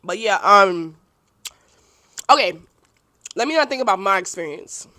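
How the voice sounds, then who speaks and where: A young adult woman hosting her own podcast, answering listener questions in blunt, profane, casual chat and quickly apologizing when she oversteps. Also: mid-range voice, lively intonation, pushed and bright, no room sound. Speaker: podcast host.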